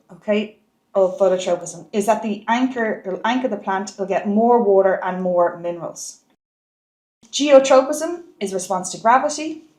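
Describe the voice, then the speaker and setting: A woman's voice: fairly high pitch, darkish tone, reverberant. A woman teaching a biology exam lesson, stressing key words and repeating points for the marks. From Ireland.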